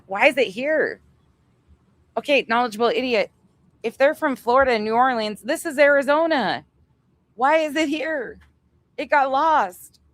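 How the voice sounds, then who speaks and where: A woman co-hosting a casual livestream outdoors, telling stories with lots of laughing and swearing. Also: fairly high pitch. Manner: laughing, swearing, excitable storytelling. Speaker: livestream co-host. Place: outdoors at home.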